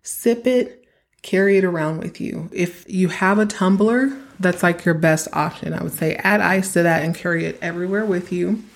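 A young woman from Texas talks through a solo podcast episode in a loose, chatty way, leaning hard on her advice to the listeners. Her voice sits a little low for a woman. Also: normal speed. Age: young adult. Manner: chatty, emphatic, giving advice directly to listeners. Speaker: podcast host. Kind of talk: casual solo podcast monologue.

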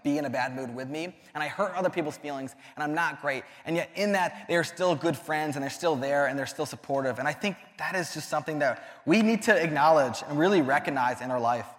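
A young man giving a casual sermon to a youth group, earnest and conversational, often restarting his sentences. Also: on the high side. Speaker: youth ministry speaker. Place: church hall. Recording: long hall reverb.

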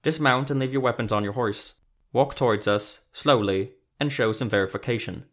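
A man voicing a stern male dwarven border guard who barks curt, loud orders. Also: medium pitch, normal speed, lightly acted.

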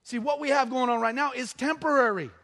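A man's voice: very high voice, brisk, a bit bright. A middle-aged man giving a conversational sermon as a pastor, joking at times and rising into emphatic bursts.

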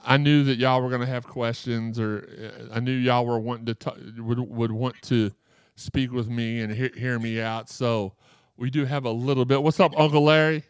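A man's voice: medium pitch, steady tone, moderate pace, smooth, no echo, studio quality. A man hosting a live podcast, joking and rambling as he reads chat comments aloud, his throat sore after surgery. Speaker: podcast host.

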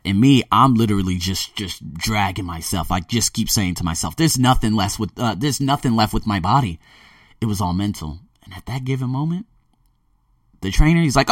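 A man hosting a motivational podcast, rambling energetically and swinging between loud excitement and quiet earnestness. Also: mid-range voice, dry recording, studio quality, distant mic. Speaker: podcast host. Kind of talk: motivational monologue.

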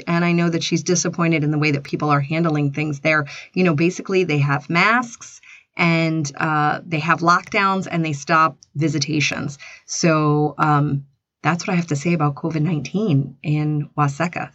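A woman's voice: sits low, a bit bright. A woman hosting a podcast, telling stories in a chatty, rambling, casual way. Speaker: podcast host. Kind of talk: casual monologue. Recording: dull, slightly lo-fi dry recording.

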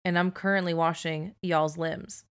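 A woman's voice: fairly low pitch, fairly even intonation, moderate pace, clean tone, close to an everyday voice. A woman jokingly voicing a gory old hag spirit in casual modern slang. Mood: mocking.

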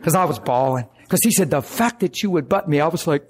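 A man preaching and telling a personal story in an animated way, acting out the voices of others. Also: fairly high pitch, fast, few pauses, very noisy. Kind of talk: sermon storytelling.

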